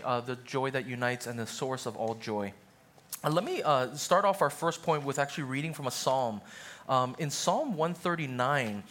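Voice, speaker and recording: A man's voice: fairly high pitch, fairly bright tone. A young adult man, a pastor, preaching a sermon in a casual, conversational way, often checking in with the congregation. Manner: conversational preaching with frequent "right?" and "okay?" asides.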